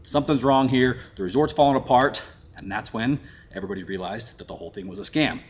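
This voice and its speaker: A man hosting an exploring vlog, telling a story in an excited, casual way and saying "dude" a lot. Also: mid-range voice, fast, slightly rough. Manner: excited, storytelling, says "dude" and "crazy" often. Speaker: vlogger host. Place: abandoned resort building, indoors.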